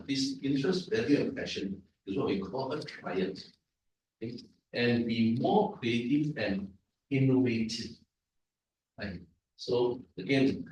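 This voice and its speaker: A man's voice: mid-range voice, a little hiss or hum. A man gives a Toastmasters language evaluation, explaining idioms and checking in with the audience as he goes. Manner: explanatory, repetitive, asks the audience "right?". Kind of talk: club meeting evaluation speech. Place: large echoey meeting room. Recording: echoey room from far off.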